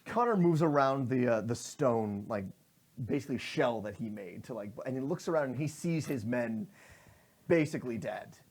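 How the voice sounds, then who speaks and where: A man narrating as game master of a tabletop game, lively, slipping into quick voices for his characters. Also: medium pitch.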